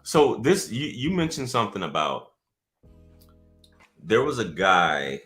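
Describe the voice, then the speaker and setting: A man's voice: very animated, slow, a bit bright, soft background music. A man hosting a live podcast stream, chatting casually and joking with viewers and his co-host. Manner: loose, joking, talks to the chat, swings up in pitch when surprised.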